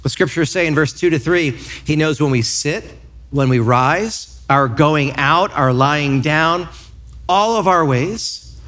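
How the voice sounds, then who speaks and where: A man in his thirties, a pastor preaching a sermon in church, telling lively stories and acting out quotes. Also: on the high side, takes it slowly. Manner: lively storytelling with acted-out quotes.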